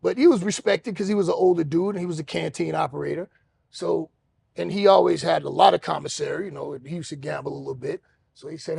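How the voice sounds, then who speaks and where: A man hosting a podcast, telling a story in an animated way and acting out other people's voices. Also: on the high side, fast, gravelly, breathy edge, no room sound. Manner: acts out other voices, shouting and laughing. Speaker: podcast host.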